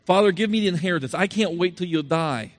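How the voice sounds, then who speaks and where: An entitled young son, played by a man, pushes his demands out quickly and impatiently. The voice is insistent and grasping. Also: high voice, natural voice. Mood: demanding. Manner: demanding, fast and pushy.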